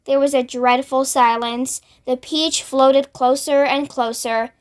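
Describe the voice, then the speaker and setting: A woman reading a children's book aloud in an expressive storytelling manner. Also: sits high, takes it slowly.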